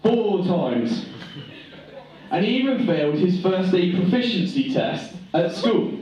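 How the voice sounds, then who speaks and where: A man's voice: high-pitched, sing-song, measured pace, warm tone. A man giving a joking, teasing wedding speech as best man. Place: wedding reception hall. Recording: echoey hall from far off, noisy.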